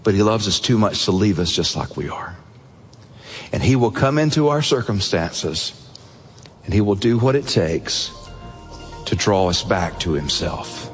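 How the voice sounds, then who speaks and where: A man preaching a sermon, telling a story earnestly and dropping low and soft at the emotional moments. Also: animated, measured pace, long pauses, long reverb tail, faint music behind. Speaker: pastor.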